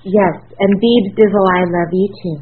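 A woman's voice: mid-range voice, normal speed, background noise. A woman co-hosting a radio show, chatting casually and giggling often. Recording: phone-like lo-fi audio.

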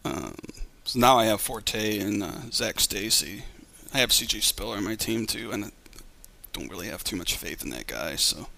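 A man's voice: on the low side, expressive, moderate pace, creaky, bright, forceful tone. A man hosting a show, chatting casually and rambling easily about what he watched. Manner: rambling, easygoing. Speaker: show host. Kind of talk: casual chat.

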